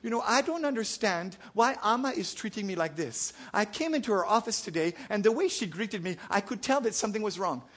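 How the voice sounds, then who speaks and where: A man preacher voicing a chatty wife who talks quickly and eagerly during a sermon joke. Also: high-pitched, expressive, a bit bright. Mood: fretting. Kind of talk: sermon joke role-play.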